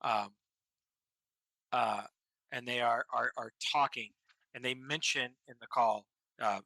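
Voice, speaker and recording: Bright-voiced game master narrating, dry close mic. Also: male voice, medium pitch, fairly even intonation, gravelly, no room sound, rough recording. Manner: halting, full of ums and restarts.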